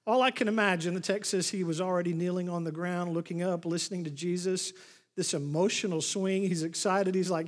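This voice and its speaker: Retelling a Bible story in his sermon, a pastor brings the scripture scenes to life by acting out each person's lines. His high voice moves briskly, echoing with long hall reverb.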